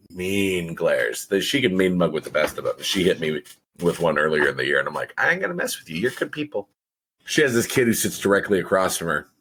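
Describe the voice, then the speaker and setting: A man's voice: on the low side, slightly rough. A middle-aged man, a teacher and football coach, telling jokey stories in casual podcast chat. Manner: animated storyteller, jokey.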